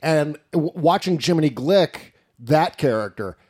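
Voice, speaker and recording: A man co-hosting a podcast, talking in animated, profane casual chat and laughing at his own jokes. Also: on the high side, measured pace. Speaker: podcast co-host.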